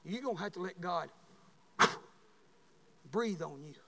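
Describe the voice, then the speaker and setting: A man preaching a sermon as pastor, telling folksy stories and building to shouted calls. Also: high voice, lively intonation, a little slow, creaky, noisy background. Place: church sanctuary. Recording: long hall reverb.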